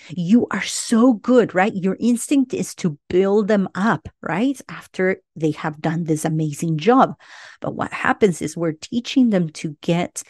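Slow, low-voiced woman giving parenting advice. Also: darkish tone, no room sound, clean studio sound. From Latino family. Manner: earnest, repeats "right?" often. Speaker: parenting podcast host. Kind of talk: advice monologue.

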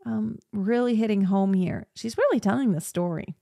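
A woman's voice: a little high, lively intonation, a little slow, gravelly, warm tone, no echo. Enthusiastic woman vocal coach, dry close voice. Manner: enthusiastic, breaks into short sung demonstrations. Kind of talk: casual reaction commentary.

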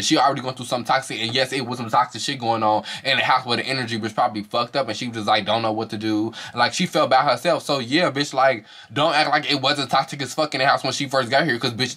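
This is casual, profane commentary: a man reviewing a reality show at a fast clip, his voice bright and forceful. Quoting cast members, he switches to high-pitched impressions, and his delivery stays lively and slangy the whole way.

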